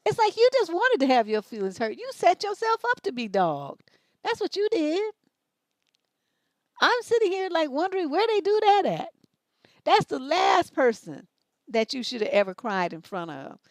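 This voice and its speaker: A woman's voice: high voice, very animated, normal speed, no room sound. Blunt, scolding woman with dry sound. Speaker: advice show host. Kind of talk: livestream advice commentary.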